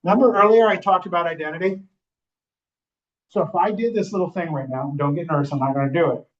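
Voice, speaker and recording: A man's voice: a little high, fast. A man, a real estate trainer, teaching a live class in a training room and often checking in with the audience as he talks. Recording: dull, muffled recording.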